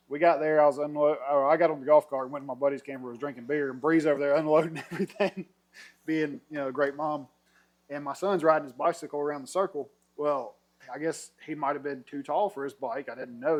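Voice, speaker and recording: A middle-aged man, casually telling a long story over drinks, acting out quotes and laughing often. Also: a little high. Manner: animated storyteller, acts out quotes, laughs a lot. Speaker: podcast guest telling a story.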